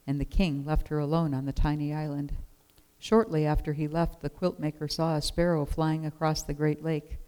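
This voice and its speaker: A storyteller reading a children's picture book aloud in a gentle, expressive way. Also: mid-range voice, moderate pace, smooth, rough recording.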